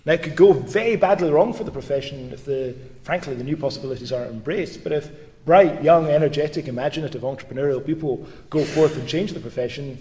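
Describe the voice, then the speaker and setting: A middle-aged man giving a public lecture as a brisk storyteller with lively asides. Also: mid-range voice. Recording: reverberant lecture hall.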